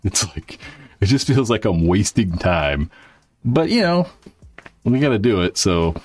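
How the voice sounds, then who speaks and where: A man's voice: on the low side, big pitch swings, measured pace, a little mellow, slightly rough. A man hosting his YouTube channel, chatting casually to viewers in a rambling way, with lots of fillers and swearing. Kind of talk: casual livestream chat.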